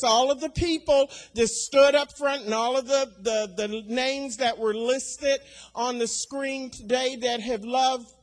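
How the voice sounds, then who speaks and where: High-voiced woman preaching slowly. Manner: slow and deliberate, swelling to loud emphatic declarations; repeats key phrases for emphasis. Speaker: speaker at a women's church gathering. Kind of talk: sermon testimony.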